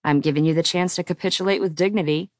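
A woman's voice: lowish voice, fairly even intonation, fast talker, dry recording, natural voice. A woman voicing a confident, teasing man who banters smugly with his lover. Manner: dry, smug banter.

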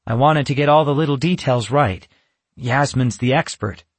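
A man voicing an anxious young boy in a storybook reading, talking earnestly and quickly. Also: mid-range voice, dry recording, lightly acted.

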